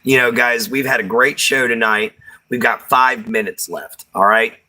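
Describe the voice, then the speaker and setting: With a mid-range voice, fairly even intonation, a moderate pace, and a sharp tone, a Texan-accented man chats casually on his livestream. He reads viewer comments, laughs often, and uses Southern slang.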